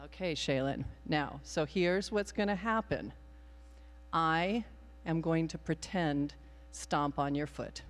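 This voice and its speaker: A woman minister leading a playful children's time in a worship service, improvising and encouraging the young people. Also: sits low. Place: church sanctuary. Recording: long hall reverb in a sanctuary.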